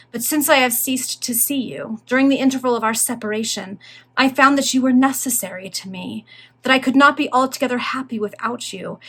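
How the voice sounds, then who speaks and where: A woman's voice: fairly high pitch, fairly bright tone. A woman reading aloud and voicing an earnest, proud male earl who speaks in formal, old-fashioned phrases. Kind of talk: reading a Victorian novel aloud.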